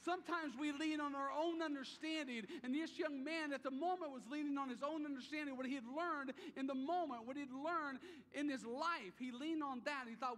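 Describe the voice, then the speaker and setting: Male pastor, high-pitched, preaching to a congregation in a reverberant church sanctuary. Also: a little fast, fairly bright tone. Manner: conversational preaching with repeated emphatic phrases. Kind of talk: sermon.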